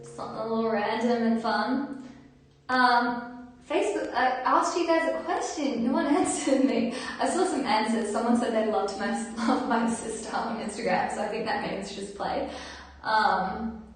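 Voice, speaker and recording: Chatty high-voiced woman in an echoey bathroom. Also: normal speed. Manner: chatty and giggly, reading viewer comments aloud. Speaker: singer-songwriter hosting a livestream concert. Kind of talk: casual chat with viewers between songs. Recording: echoey bathroom from far off, guitar.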